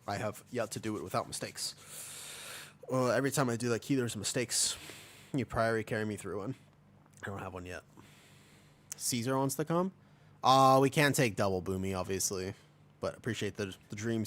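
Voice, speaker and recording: Rambling, joking young male streamer. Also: mid-range voice. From America. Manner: rambling and joking, answers chat. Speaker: livestreamer. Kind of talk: casual livestream chat while gaming.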